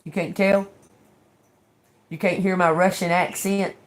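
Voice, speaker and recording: Slow, low-voiced woman tarot reader. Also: level tone. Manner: casual, encouraging, tags lines with "okay?"; repeats and restarts words often. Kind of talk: live-stream tarot reading.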